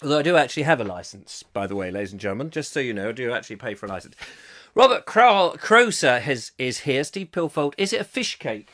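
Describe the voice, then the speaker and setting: A man's voice: medium pitch, big pitch swings, quick pace. A middle-aged man hosting a live online chat show, chatting in a jokey, rambling way and reading out viewer comments. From England. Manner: jokey and chatty, swings between loud and quiet asides.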